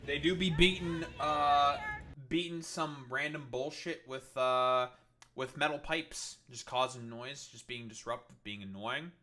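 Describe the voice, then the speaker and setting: A man's voice: mid-range voice, unhurried, pushed and bright. A man ranting sarcastically and swearing constantly as he reacts to news clips on a livestream, full of fillers like "uh" and "like". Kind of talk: political commentary livestream.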